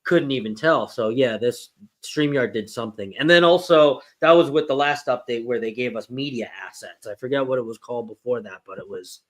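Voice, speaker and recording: A man's voice: medium pitch, brisk. A man hosting a livestream, chatting casually about streaming tech with many "you know" fillers, speaking into a microphone set off in the corner of the room. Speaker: livestream host. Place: home streaming setup.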